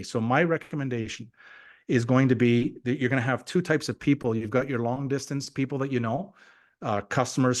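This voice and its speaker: A man giving an energetic, motivational sales talk on a team call. He often repeats himself and acts out quoted conversations. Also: mid-range voice. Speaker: guest speaker on a team call. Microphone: call audio.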